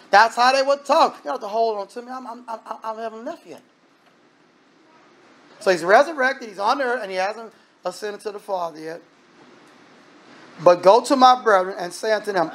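A man preaching a sermon in a conversational, emphatic way, breaking into sudden loud bursts. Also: very high voice.

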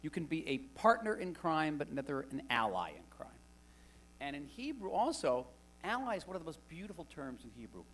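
A man's voice: a little high, very animated, brisk, a bit bright. A man speaking to a live audience as a guest author, wry and conversational, telling stories with animation. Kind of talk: public talk to an audience. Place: lecture hall with live audience.

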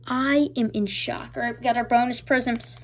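A woman hosting a casual card-opening video, excitable and stammering, breaking into squeals. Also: on the high side, normal speed, slight background noise. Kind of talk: casual pack-opening commentary.

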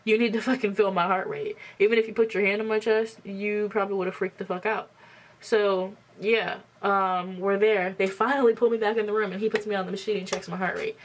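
A woman's voice: medium pitch, steady tone, a little fast, slight background noise. A woman in her twenties telling a story on camera at home while doing her makeup, blunt and emphatic, swearing freely. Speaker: beauty vlogger. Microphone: camera mic.

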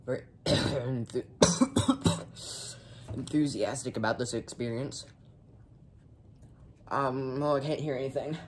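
A man doing a comedic spicy food challenge vlog, talking in a halting deadpan way and coughing from the heat. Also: mid-range voice, a little hiss or hum. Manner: slow, halting deadpan delivery between coughs. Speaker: vlogger.

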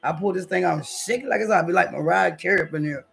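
A woman with a lowish, creaky voice speaks fast over faint background music. She's running a casual livestream from her home kitchen, throat scratchy, reading the chat and chatting in slang with viewers she keeps calling y'all.

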